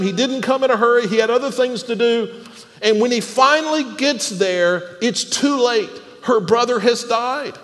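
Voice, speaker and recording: A male pastor preaching with a high, very lively voice that swings up and down. He restarts phrases by repeating words and throws questions out to the congregation, and his voice rings with the long echo of a church hall. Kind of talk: sermon.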